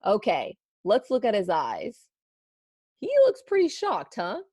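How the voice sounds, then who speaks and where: A woman's voice: mid-range voice, breathy edge, no room sound, clean studio sound. Woman reading a storybook to kids. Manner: expressive storytelling, pausing to ask the listeners questions. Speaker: teacher. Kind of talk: reading a picture book aloud to students.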